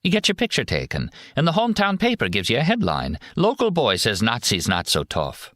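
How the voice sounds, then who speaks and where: A man's voice: medium pitch, huge pitch swings, fairly quick, a bit bright, no echo, clean studio sound, pitched above the performer's own voice. A man voicing a sardonic young male soldier who mockingly describes a hero's homecoming. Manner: sarcastic, mock-cheerful storytelling.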